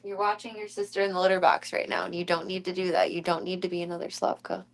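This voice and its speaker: A woman's voice: on the low side, steady tone, quick pace, creaky. A young woman streamer chatting casually and cooing in baby talk at her kittens, often giggling. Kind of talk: casual chat with her cats.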